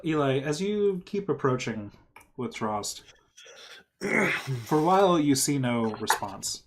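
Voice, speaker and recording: A game master calmly narrating a tabletop game, describing the scene in a matter-of-fact way. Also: medium pitch, takes it slowly, slight background noise.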